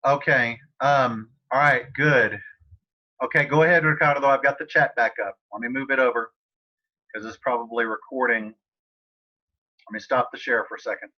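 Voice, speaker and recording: Over a video call, a man with a mid-range voice teaches a Spanish class at a moderate pace and with fairly even intonation. It's a casual online tutoring session, full of fillers and restarts. The computer mic gives the audio a slightly dull quality.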